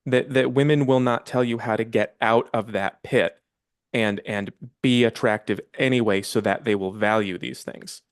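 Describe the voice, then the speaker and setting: A man who is a podcast guest, explaining his view in a calm conversational way. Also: fairly low pitch, moderate pace, smooth, dry recording, clean studio sound.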